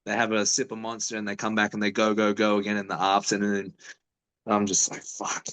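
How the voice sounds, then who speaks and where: A man in his thirties talks in an easygoing, slightly low voice, swearing freely as he rambles through stories. He is a fighter chatting casually in an interview, unhurried and offhand. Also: monotone, fairly bright tone, smooth, rough recording. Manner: laid-back, swearing storyteller.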